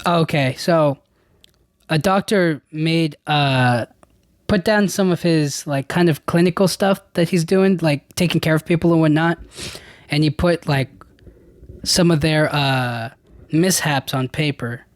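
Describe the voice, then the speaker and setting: A man with a slightly high voice hosts his own podcast, rambling unhurriedly through a list with frequent restarts and casual slang. The recording is dry and studio quality.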